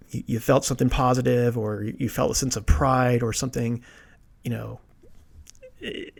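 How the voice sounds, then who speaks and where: A man's voice: medium pitch, creaky. A man hosting a solo podcast, telling a personal story in a rambling way with restarts and quoted asides. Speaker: podcast host.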